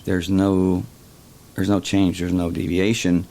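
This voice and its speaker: A man hosting a casual explanatory monologue, talking slowly and haltingly, often repeating words. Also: low-pitched, flat delivery, dark tone. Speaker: host.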